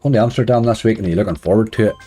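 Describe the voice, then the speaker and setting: A man's voice: fairly low pitch, rapid-fire, breathy edge, faint music behind. A man chatting casually on a live stream, greeting viewers and joking wryly while he plays. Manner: wry, laughs softly at his own remarks.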